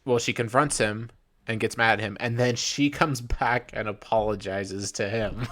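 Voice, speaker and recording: A man's voice: on the low side, steady tone, normal speed, a bit bright. A young man co-hosting a podcast, chatting casually about a movie, rambling with restarts and mock quotes. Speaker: podcast co-host. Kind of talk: casual movie review chat.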